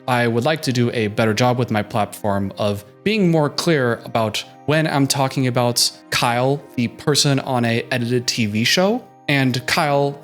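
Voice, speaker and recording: A man's voice: mid-range voice, fairly bright tone. Male reality-TV recapper, sassy and joking, casual delivery, light music bed underneath. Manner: sassy, joking asides with mock voices. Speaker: reaction commentator.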